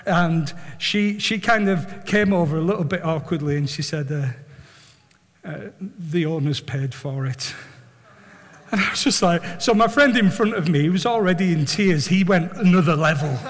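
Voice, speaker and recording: High-voiced preacher in a big hall. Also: male voice, moderate pace. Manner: animated and earnest, with repeated words. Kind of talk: sermon with storytelling.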